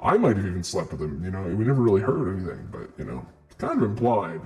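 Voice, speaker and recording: A man's voice: deep voice, very animated, quick pace, husky, soft background music, exaggerated voice. A man doing Gregor, a swaggering iron golem priest. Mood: cocky. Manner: swaggering, boastful, touchy. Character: cocky male iron golem priest, brawler.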